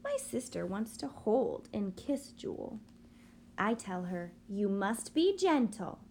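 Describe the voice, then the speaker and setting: Lively woman reading a picture book. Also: medium pitch, slow, a little hiss or hum. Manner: lively, expressive storytelling with sing-song emphasis. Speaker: reader of a children's book.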